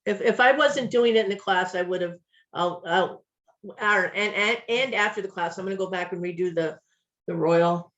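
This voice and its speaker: A woman student talks over a video call, hesitant and stumbling as she explains her problem. She sits a bit away from her mic, and her voice is mid-pitched. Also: normal speed, fairly bright tone, muffled recording. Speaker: student in the class.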